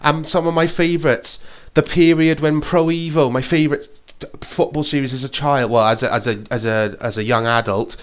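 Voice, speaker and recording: A man's voice: a little high, steady tone, normal speed, clean tone. A man, co-hosting a casual chat and talking in an enthusiastic, rambling way. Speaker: co-host.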